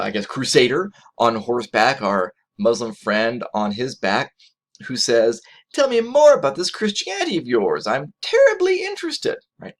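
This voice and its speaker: A man giving a recorded college lecture in a conversational way, often checking in with "right?" and restarting phrases, with lively jumps in pitch when he quotes someone. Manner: conversational, frequent "right?" tag questions and restarts; animated pitch jumps when quoting others.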